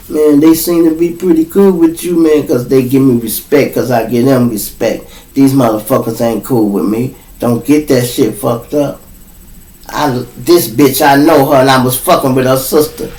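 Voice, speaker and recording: Profane Chicago storyteller, echoey room. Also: male voice, mid-range voice, moderate pace. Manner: profane, animated, addresses listeners as y'all. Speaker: podcast host. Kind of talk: comedic street storytelling. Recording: echoey room, distant mic.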